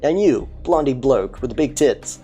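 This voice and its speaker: A woman voicing a crude, lazy male police commissioner, gruff and swearing, in a game playthrough. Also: a bass voice, expressive, moderate pace, dark tone, dull audio, faint music behind. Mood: bossy.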